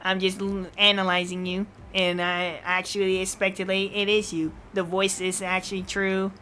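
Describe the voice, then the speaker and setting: A woman's voice: medium pitch, little pitch movement, normal speed, sharp tone, a little hiss or hum, lightly acted. A woman streamer voicing a nerdy, pushy young male reporter from a game, in a drawling, teasing way. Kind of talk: live game playthrough voice acting.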